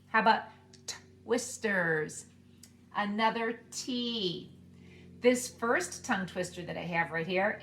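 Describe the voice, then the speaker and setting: A woman's voice: medium pitch, fairly bright tone, slight background noise. Sing-song preschool teacher woman. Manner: slow, sing-song, encouraging to young children. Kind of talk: preschool circle-time lesson.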